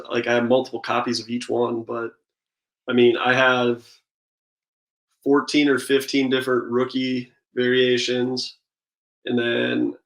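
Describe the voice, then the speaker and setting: A man in his thirties, a baseball pitcher, chatting casually as an interview guest and telling relaxed stories full of "like" and "I mean". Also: creaky, low-quality recording. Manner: relaxed storytelling, lots of "like" and "I mean".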